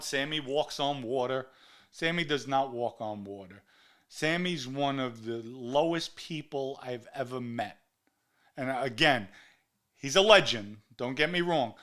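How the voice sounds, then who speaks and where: Enraged middle-aged man ranting, sharp voice. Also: a little high. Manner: heated, ranting, repeats insults for emphasis. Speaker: podcast host. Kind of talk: angry monologue to camera.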